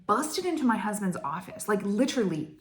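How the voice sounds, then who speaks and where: A woman's voice: medium pitch, brisk, a little hiss or hum. A woman, gushing through a chatty cross stitch vlog story with lots of "like". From Canada. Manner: excitable, gushing, heavy use of "like".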